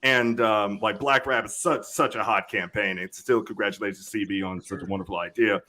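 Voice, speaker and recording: A man's voice: on the low side, fairly even intonation, brisk, bright, forceful tone. A man co-hosting a casual podcast chat, talking loosely with jokes and swearing. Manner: loose, profane, jokey banter. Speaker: podcast co-host.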